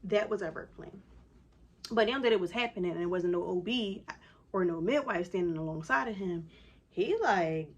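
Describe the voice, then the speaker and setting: A woman vlogger telling a personal story in a casual, animated way, with many "like" fillers. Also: lowish voice, normal speed, slightly rough.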